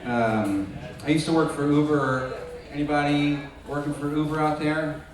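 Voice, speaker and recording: Young male stand-up comic with a slightly high voice, self-mocking, heard from a distance in a very echoey club with the crowd reacting. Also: fairly even intonation, normal speed. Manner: self-deprecating storytelling, jumping to loud acted voices. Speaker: stand-up comedian. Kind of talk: stand-up comedy set. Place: comedy club with live audience. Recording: echoey club from far off, audience audible.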